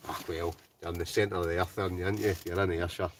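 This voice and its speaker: Talking fast in a deep, level voice, a Scotsman streams live from a hot tent, reading viewers' comments and bantering, his lines often ending in "right?". The recording is distant, with slight background noise.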